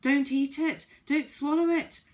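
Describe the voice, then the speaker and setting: A woman voicing an excitable male elf who shouts shrill, frantic warnings in a storybook reading. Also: a little slow. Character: excitable male Faraway Tree elf, panicky.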